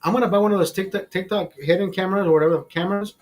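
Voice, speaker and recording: A man's voice: sits high, steady tone, racing. A young man, the host, telling a long casual story in a rambling, heavily profane way. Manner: profane, rambling, mimics voices.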